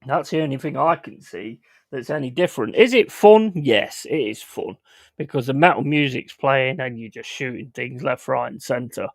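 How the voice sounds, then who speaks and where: A man's voice: medium pitch, animated, normal speed, gravelly, no room sound. A man hosting a casual livestream, talking bluntly and with plenty of swearing. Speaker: streamer host. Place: home.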